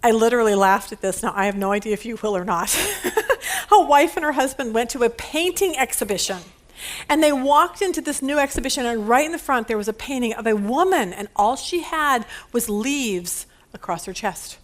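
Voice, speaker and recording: A woman's voice: on the high side, lively intonation, moderate pace. A woman in her fifties teaching a women's Bible study in a chatty way, telling stories and laughing often.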